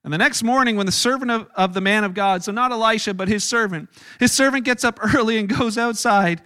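High, bright-voiced casual preacher. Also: male voice, fairly quick, clear, resonant tone, dry recording, clean studio sound. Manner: casual, animated storytelling with many restarts. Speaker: pastor. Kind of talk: sermon. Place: church hall with a live congregation.

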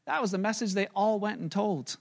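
A middle-aged male pastor preaching a sermon, telling the story with lively acted-out scenes and chuckling as he talks. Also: sits high, a little fast, vocal fry. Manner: chuckles while talking.

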